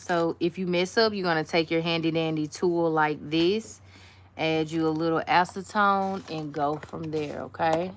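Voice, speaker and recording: A woman's voice: deep voice, fairly even intonation, normal speed, noisy background. A woman doing a casual nail art tutorial, chatty and slangy, talking straight to her viewers and dropping to a near whisper while she concentrates on the work.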